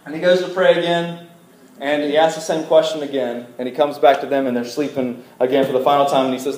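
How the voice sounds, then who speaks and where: A young man preaching in a conversational storytelling style to a live audience, animated and asking them questions, with joking asides. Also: on the high side, fast talker. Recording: echoey hall.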